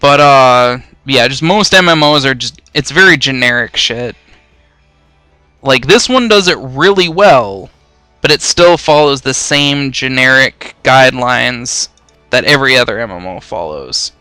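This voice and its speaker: A man's voice: mid-range voice, expressive, a little slow, sharp tone, clear, resonant tone, no echo, faint music behind. A young man giving casual, rambling let's-play commentary, swearing freely and poking fun at himself. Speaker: gaming YouTuber.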